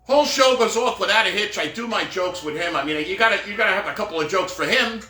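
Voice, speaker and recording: High, lively rambling male storyteller. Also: fast. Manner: rambling with jokey asides; acts out quoted dialogue. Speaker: professional Santa performer telling stories. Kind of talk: casual storytelling monologue. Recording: roomy echo with faint music.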